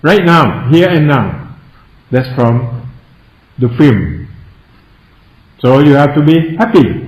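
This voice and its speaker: Slow-talking monk teacher, Thai-native man. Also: a little high. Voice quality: non-native English with grammar slips. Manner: slow, questioning the listeners, repeats key phrases. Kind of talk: Dharma talk to an audience. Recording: echoey room.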